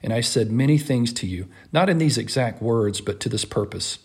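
Male reader with a slightly husky voice; earnest, impassioned dramatic reading of a classic text. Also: medium pitch, lively intonation, moderate pace.

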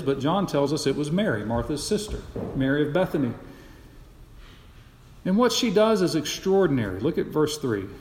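Animated male preacher in an echoing hall. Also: a little high. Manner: dramatic storytelling, swings from loud to hushed. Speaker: pastor. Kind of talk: expository sermon. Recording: echoey church hall.

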